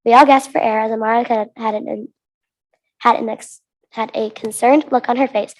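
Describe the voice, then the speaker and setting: A woman's voice: on the high side, steady tone, normal speed. A young American woman reading her own story aloud to a conference audience, earnest and with restarts. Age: teens. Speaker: student reader.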